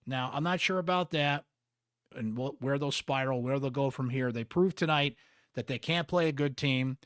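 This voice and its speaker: A male sports podcast host with a Central New York accent breaks down the game in a chatty, candid way, dropping wry asides. His voice sits in an ordinary middle pitch. The sound is dry and close, with no room around it. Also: normal speed, a bit bright, dry recording. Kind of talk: postgame sports analysis podcast.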